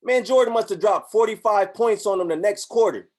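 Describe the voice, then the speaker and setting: A man giving a motivational talk, preachy and animated, acting out voices in his stories. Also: high-pitched, brisk. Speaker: motivational speaker.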